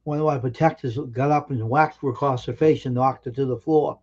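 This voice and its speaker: A man telling personal anecdotes on a live stream in an earnest, emphatic way, with halting restarts. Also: mid-range voice, steady tone, a little mellow, muffled recording. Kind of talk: casual storytelling on a live stream.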